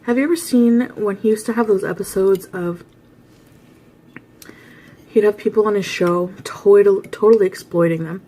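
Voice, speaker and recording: A woman's voice: medium pitch, normal speed, pauses often, dark tone. A woman vlogger casually telling a rambling story to her viewers at home, full of asides and little laughs. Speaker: vlogger host.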